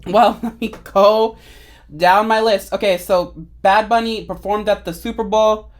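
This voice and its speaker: A woman's voice: medium pitch, fairly even intonation, unhurried. A woman in her twenties chatting casually and giggling while painting her face in her bedroom, rambling and swearing freely. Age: 20s. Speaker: vlogger.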